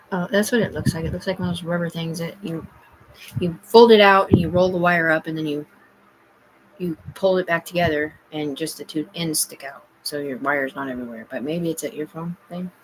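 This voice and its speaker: A woman's voice: low-pitched, steady tone, moderate pace, slight background noise. A woman talking to her livestream in a rambling, agitated, heavily profane rant.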